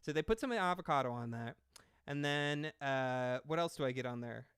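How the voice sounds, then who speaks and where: Sarcastic rambling man, smooth dry voice. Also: mid-range voice, normal speed, a bit bright, dry recording. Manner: rambling, sarcastic, swears a lot. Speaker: commentary streamer reacting to comments and a video. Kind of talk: casual reaction commentary.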